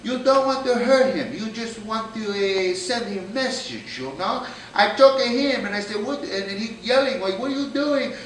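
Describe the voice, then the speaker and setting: A brash Brazilian jujitsu fighter, put on by a man, bragging in broken English with a Brazilian Portuguese accent. The pitch sits high for a man. The voice echoes around a room and is picked up from far off. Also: lively intonation, normal speed, fairly bright tone, a little hiss or hum. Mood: boastful. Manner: broken English, boastful storytelling. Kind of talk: stand-up impression.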